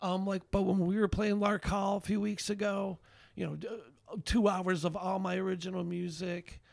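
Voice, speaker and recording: A high-pitched, gravelly man tells stories on a podcast in a lively, rambling way, stopping and restarting his sentences. His voice is bright and a little raspy at the edges. The sound is dry and close. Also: normal speed, no echo. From Albany, New York area. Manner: animated, rambling with many fillers and restarts. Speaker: songwriter and bandleader, podcast guest. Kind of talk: casual chat, storytelling.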